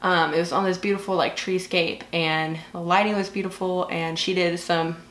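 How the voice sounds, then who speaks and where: A woman's voice: lowish voice, steady tone, a little fast, fairly bright tone. Chatty Southern woman, echoey room. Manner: chatty, gushing, lots of "like" and "um". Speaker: beauty vlogger. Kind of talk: casual get-ready-with-me chat while doing makeup.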